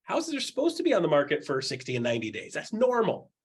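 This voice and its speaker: A man's voice: a little high, fast talker, husky. A man coaching a group of real estate agents in a blunt, joking way, acting out the voices he quotes and repeating his points. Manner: animated, acts out quoted voices; blunt, jokey, repeats himself.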